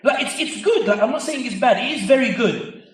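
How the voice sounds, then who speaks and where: A man giving an animated, joking public speech to a live audience, with emphatic stretches. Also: extremely high pitch, a little fast. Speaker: guest speaker. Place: large convention centre hall. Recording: echoey hall, voice picked up from far off.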